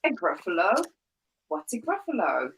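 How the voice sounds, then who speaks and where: A woman's voice: mid-range voice, huge pitch swings, normal speed, a bit bright, recorded from a distance, voice pushed up, low-quality recording. Coaxing storybook fox, swoops up and down, a woman doing it. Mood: wheedling. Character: smooth-talking hungry male fox. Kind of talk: reading a picture book aloud.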